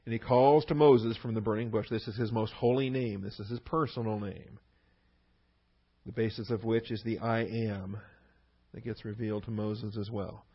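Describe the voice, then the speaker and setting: A man's voice: lowish voice, steady tone, normal speed, breathy edge, dull audio. A man teaching through a Bible passage verse by verse, leaning hard on key words between fillers and restarts.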